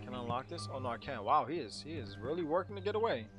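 A man playing a horror game and commenting to himself in a jumpy, excitable way, with game music behind him. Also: mid-range voice, very fast. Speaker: gaming channel host. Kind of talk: let's play commentary.

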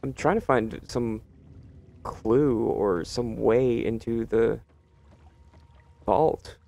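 A man with a gravelly, creaky voice narrates his playthrough at a desk mic. He cracks sarcastic jokes and answers the game's characters as if they could hear him. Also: mid-range voice, drawn-out words, a little mellow. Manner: joking, sarcastic, talks back to game characters. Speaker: let's play host. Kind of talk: gameplay commentary.

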